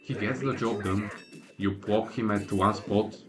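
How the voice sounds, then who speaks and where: A man's voice: on the low side, fairly even intonation, unhurried, over music. A man giving casual, opinionated livestream commentary while he plays, with a laid-back manner and lots of filler words. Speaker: gaming livestreamer.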